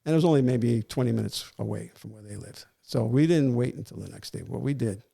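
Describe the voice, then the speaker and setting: Speaking a little fast at medium pitch, a retired police warrant officer, an older man with a gravelly voice, recounts a story in a casual interview. He's animated, performing the voices of the people he describes.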